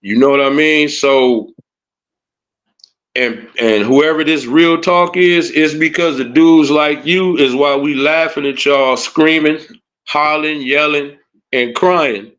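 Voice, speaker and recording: Speaking slowly in a steady tone, a man with a fairly high, fairly bright voice delivers a heated livestream rant. He taunts as he comments, repeating "you know what I'm saying" and "huh."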